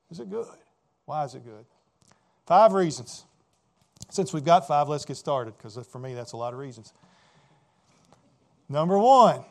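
A man with a slightly high voice preaches verse by verse. He asks rhetorical questions, then leans hard on key words, swinging between quiet asides and loud emphasis. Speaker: pastor. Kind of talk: expository sermon.

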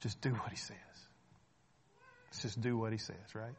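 A man's voice: lowish voice, fairly even intonation, normal speed, a little hiss or hum. A man preaching a sermon in a conversational way, asking rhetorical questions, checking in with the listeners and repeating phrases for emphasis.

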